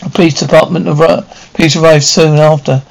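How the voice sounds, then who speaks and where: A man reading a dramatic story aloud in a hurried, stumbling way. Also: a little high, little pitch movement, gravelly, rough recording.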